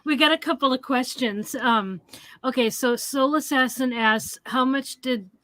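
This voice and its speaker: A woman's voice: high voice, sharp tone, dry recording. A woman co-hosting a horror review podcast, reading out listener questions in a casual way. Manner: unhurried, reads listener questions. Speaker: podcast co-host.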